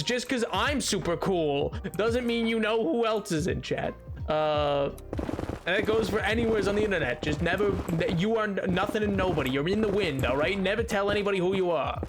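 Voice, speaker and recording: High-voiced guy streaming a game and goofing around with chat, music going in the back. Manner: goofy, rambling, jokey with chat. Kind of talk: casual live-stream chat while gaming. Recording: music playing behind.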